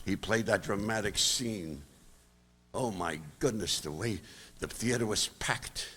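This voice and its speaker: At a measured pace, an older Brooklyn, New York stage comedian delivers punchy jokes in a pushed, bright voice with a breathy edge and large swings of pitch. It's stand-up storytelling in a large high school auditorium, heard through long reverb.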